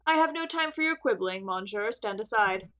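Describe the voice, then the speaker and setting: A woman's voice: medium pitch, lively intonation, normal speed, bright, forceful tone. A woman voicing a stern, formal male bird lawyer who gives curt orders. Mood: commanding.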